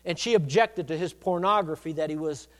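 High-voiced preacher man in a reverberant hall. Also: fairly quick. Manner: swings from loud emphatic preaching to quiet asides. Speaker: pastor. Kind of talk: sermon. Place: church sanctuary.

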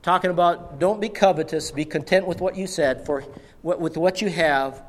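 Middle-aged male pastor, high-pitched, emphatic sermon delivery with hushed drops; long reverb of a church hall. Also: normal speed.

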